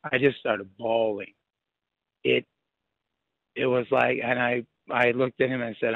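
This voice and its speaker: A man's voice: medium pitch, fairly even intonation, creaky, no room sound. A young man speaks over a muffled phone line, tripping over his words as he relives a frightening night. His sentences break off and restart as he goes. The sound is dry and close, with no room around it. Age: young adult. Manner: halting, many restarts, vivid retelling. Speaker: phone-in guest. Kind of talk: emotional first-hand account. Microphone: phone call.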